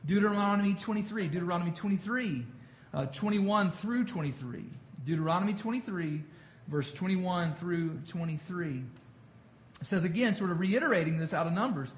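A man's voice: high-pitched, expressive, moderate pace. A man leading a Bible study as pastor, talking conversationally, repeating himself and asking the group questions. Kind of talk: interactive Bible teaching. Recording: echoey room with faint noise.

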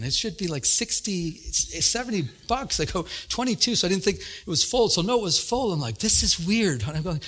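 A man preaching a sermon, telling a personal story with lively retold dialogue and growing excitement. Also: high voice. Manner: animated, retells dialogue with rising excitement. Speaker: pastor.

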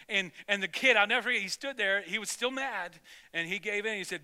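A man as pastor, delivering a sermon as an animated story with many restarts. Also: high voice, fast talker. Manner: storytelling, animated, self-interrupting.

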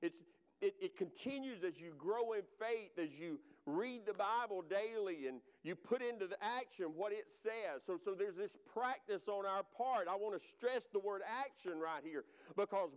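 A man's voice: sits high, animated, normal speed, smooth. A man preaching a sermon, talking conversationally to the congregation and repeating phrases for emphasis. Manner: addresses congregation and online viewers directly. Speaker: pastor.

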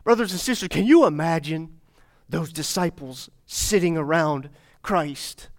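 A man's voice: on the high side, a little slow. A man preaching a sermon as pastor, speaking to his congregation with repeated phrases and rhetorical questions. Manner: repetitive, rhetorical questions, addresses congregation directly.

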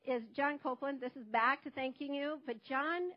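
A woman's voice: high voice, moderate pace. Earnest woman giving a testimony. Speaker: church member giving a testimony. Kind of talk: spoken testimony. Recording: dull lo-fi recording.

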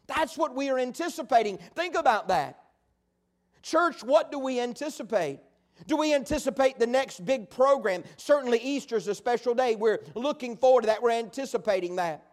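A man preaching a sermon, telling stories in a folksy, animated way. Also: very high voice, normal speed. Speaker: pastor.

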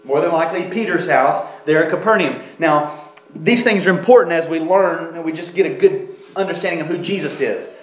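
High-voiced man preaching in an echoey room. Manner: explanatory, emphatic, halting restarts. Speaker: pastor. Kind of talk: sermon.

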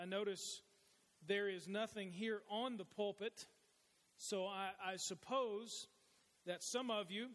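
High, bright and forceful, the voice belongs to a middle-aged pastor delivering a sermon of folksy stories with many restarts. It's captured in a church sanctuary, echoing with a large hall's long reverb.

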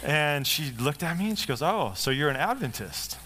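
A middle-aged man, a pastor, preaching a sermon built on a personal story, in a conversational manner with lively quoted dialogue. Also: fairly high pitch, moderate pace, a little hiss or hum.

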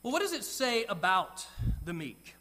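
A middle-aged man preaching a sermon, telling a personal story with soft, quiet asides. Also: sits high, sing-song, normal speed. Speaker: pastor.

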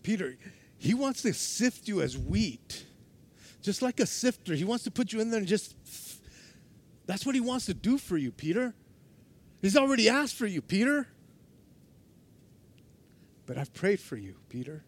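A man with a fairly high voice preaches a lively sermon. He laughs often and acts out the lines he quotes, dropping from loud to hushed and back. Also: normal speed. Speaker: pastor.

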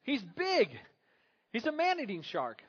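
A man's voice: very high voice, huge pitch swings, a little slow, slightly rough, dull audio, voice pushed up, full character voice. A man voicing an exasperated young wife who keeps pressing her husband with urgent questions. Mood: insistent.

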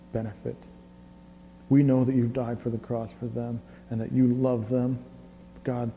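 Guy preaching to a church, chatty and lively, repeats himself, long echo in the hall, faint hum. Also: mid-range voice, highs cut off. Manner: conversational and animated, often repeats words. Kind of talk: sermon with prayer.

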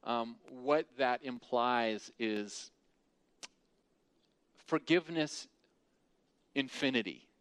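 A man's voice: mid-range voice, extremely slow, pauses often, a bit bright, clear, resonant tone, no echo. A man preaching an earnest, conversational sermon who often restarts and repeats his words.

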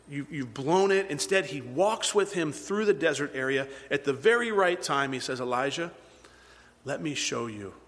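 A man preaching a sermon, moving between loud emphatic peaks and hushed, near-whispered passages. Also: mid-range voice. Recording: long hall reverb.

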